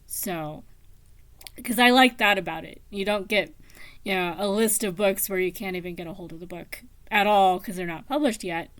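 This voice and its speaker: A woman talking casually about books, slow and meandering with many pauses and ums. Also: medium pitch, fairly bright tone, no echo. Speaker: book vlogger. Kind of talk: casual book chat.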